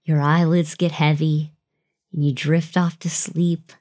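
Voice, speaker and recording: A woman's voice: low-pitched, little pitch movement, a little slow, a little mellow. A young adult woman hosting a casual podcast, telling a spooky story in the second person with playful drama and the odd swear. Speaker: podcast host.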